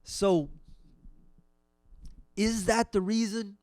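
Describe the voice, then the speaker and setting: A middle-aged comedian talks through a solo podcast monologue, wry and conversational, often trailing off and starting over. His voice sits a little high for a man, and the recording is dry and close. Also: animated, moderate pace, dry recording.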